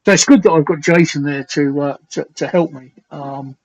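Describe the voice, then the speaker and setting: A man hosting a late-night live stream chat, slightly hoarse, rambling and crude as he reads out viewer comments. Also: on the high side, normal speed, a little mellow, slight background noise, poor audio. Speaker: talk show host.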